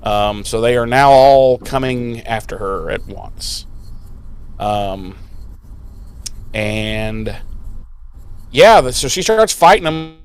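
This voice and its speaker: A male podcast co-host with a medium-pitched voice recaps an episode slowly, often pausing, yet stays animated as he acts out scenes in silly voices and laughs through the casual chat. Slight background noise accompanies his podcast microphone.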